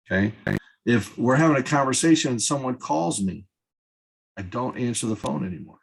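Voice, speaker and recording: A man's voice: medium pitch, lively intonation, moderate pace, creaky, slightly rough, poor audio. A man in his fifties speaking as a podcast guest, earnest and emphatic, repeating words for stress. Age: 50s. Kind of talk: candid conversational talk.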